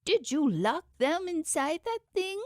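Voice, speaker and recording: A woman's voice: extremely high pitch, very animated, no room sound, clean studio sound, pitched above the performer's own voice, exaggerated voice. A woman voicing a pompous, impatient male underworld god who tries to sound royal. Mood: haughty. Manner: haughty, drawn-out, trying to sound royal. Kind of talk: audiobook character voice.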